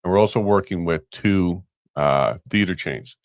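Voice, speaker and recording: A man co-hosting a casual talk show, relaxed and rambling with frequent chuckles. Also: low voice, normal speed, no room sound, studio quality. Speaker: co-host. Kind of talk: casual chat.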